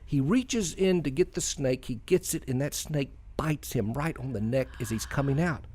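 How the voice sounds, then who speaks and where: Rambling, folksy radio host. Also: male voice, medium pitch, lively intonation, moderate pace, darkish tone, slight background noise. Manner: rambling, folksy, self-deprecating with frequent fillers. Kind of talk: casual radio chat and storytelling.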